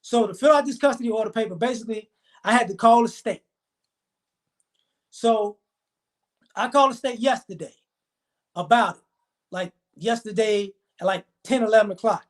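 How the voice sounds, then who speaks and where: A man ranting as he tells a story, swearing often and acting out the dialogue of the people in it. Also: high-pitched. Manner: profane, heated, fast retelling with quoted dialogue. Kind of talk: storytelling rant to camera.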